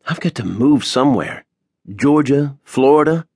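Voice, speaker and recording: A man's voice: mid-range voice, lively intonation, measured pace, dark tone, no echo, clean studio sound, pitched above the performer's own voice. A man voicing a flustered young woman. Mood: wry. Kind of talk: audiobook character voice.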